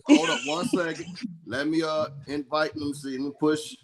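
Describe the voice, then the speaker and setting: A man's voice: a little high, level tone, moderate pace, a crowd in the background, low-quality recording. A man in his forties hosting a casual group call, laid-back and stammering, cursing freely. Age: 40s. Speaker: host. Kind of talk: casual online group chat.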